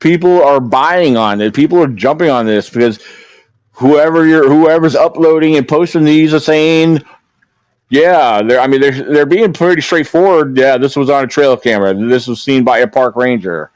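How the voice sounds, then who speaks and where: A man in casual podcast talk, mid-pitched, who wanders through his points with lots of "you know" and "I mean." His voice sits close and dry on the mic with no room sound. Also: moderate pace, darkish tone, no room sound. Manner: rambling, many fillers and restarts. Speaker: podcast co-host.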